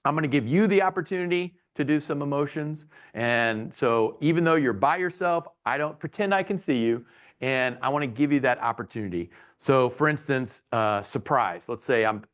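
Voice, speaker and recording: Animated, playful male speaker. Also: mid-range voice, moderate pace. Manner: playful, bursts into loud comic characters. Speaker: keynote speaker and humorist. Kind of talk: lively webinar presentation.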